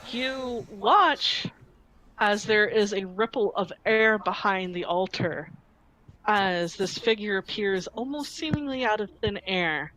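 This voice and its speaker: A woman running a tabletop game as game master, narrating scenes in an unhurried, descriptive way with filler ums. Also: mid-range voice, expressive, a bit bright, poor audio.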